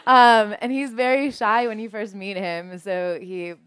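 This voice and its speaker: A young woman, an actress, telling animated stories in an interview and laughing often. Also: medium pitch, measured pace, clear, resonant tone. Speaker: actress and guest. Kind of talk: anecdotal interview chat.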